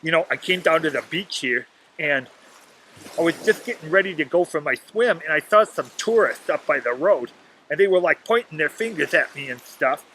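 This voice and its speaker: A man's voice: fairly high pitch, expressive, normal speed, sharp tone, a little hiss or hum, rough recording. A man chatting casually into his laptop on a lakeshore beach, rambling through a story and his day. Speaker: vlogger. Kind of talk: casual outdoor video diary. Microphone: laptop webcam.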